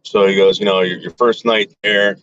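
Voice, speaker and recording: A man tells a long, rambling story in casual talk, stumbling over restarts and filler words as he goes. His voice sits fairly low. The recording sounds dull and lo-fi. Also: little pitch movement, normal speed, fairly bright tone, slight background noise. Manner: acts out quoted relatives with voice shifts.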